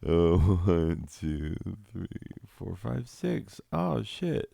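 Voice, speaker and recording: Low, slow, giggly rambling man. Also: expressive, creaky, a little mellow, no room sound, studio quality. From southwestern United States. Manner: rambling, profane, giggly, drifting off topic. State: high. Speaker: podcast host. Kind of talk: rambling solo chat while gaming.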